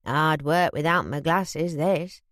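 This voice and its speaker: A woman reading an audiobook, voicing a gruff, proud Yorkshire father of fifty who grumbles bluntly in a lowered voice. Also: slow pace, fairly bright tone, no room sound, studio quality. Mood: grumbling. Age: 50s.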